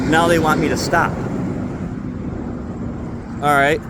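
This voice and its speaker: A man's voice: a little high, a little slow, pauses often, very noisy. Man ranting angrily about his job. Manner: angry, profane ranting. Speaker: retail store employee. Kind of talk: venting vlog.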